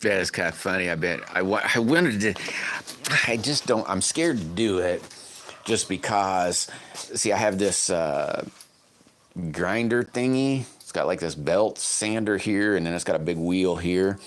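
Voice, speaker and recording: A man's voice: deep voice, a little slow, a little hiss or hum. A man hosting a casual livestream, chatting with viewers in a folksy, rambling way from his home workshop. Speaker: livestream host. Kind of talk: casual live-stream chat, answering comments.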